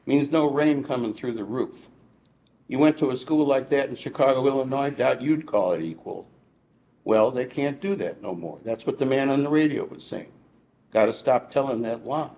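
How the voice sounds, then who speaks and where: An elderly woman from Mississippi, outspoken and earnest, talks in a folksy, dialect-heavy way, as a man reads her from his novel. Her voice sits at a middling pitch. It is heard in a room with a lot of echo. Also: a little mellow, slight background noise, lightly acted. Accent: Mississippi Southern. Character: older Southern woman cook, earnest and outspoken. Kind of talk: reading aloud from a novel. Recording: echoey room.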